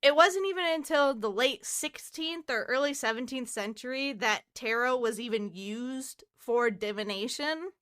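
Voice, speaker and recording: Slow-talking bright young woman. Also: high voice, clean tone, no echo, studio quality. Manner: chatty, swears casually, laughs often. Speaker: podcast co-host. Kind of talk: casual chat.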